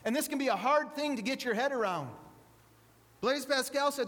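High-voiced man preaching in an echoey hall. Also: animated, moderate pace, a bit bright. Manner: conversational, repeats words, asks the audience questions. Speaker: preacher speaking to a congregation with children. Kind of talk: sermon.

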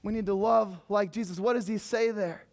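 High-voiced preacher, emphatic. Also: male voice, steady tone, normal speed, creaky. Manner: emphatic, swinging from loud exhortation to hushed storytelling. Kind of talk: sermon.

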